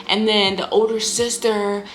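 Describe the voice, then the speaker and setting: A woman giving a casual book review on her vlog, talking in an animated, candid way, swearing freely and acting out lines from the story. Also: mid-range voice, unhurried, a little hiss or hum. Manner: animated, candid and profane, acts out quotes.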